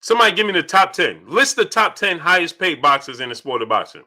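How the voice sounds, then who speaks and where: A young man hosting a casual live stream, reading viewer chats aloud and answering them in an animated way that repeats itself. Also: on the high side, quick pace. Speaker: livestream host reading super chats. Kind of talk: casual livestream chat.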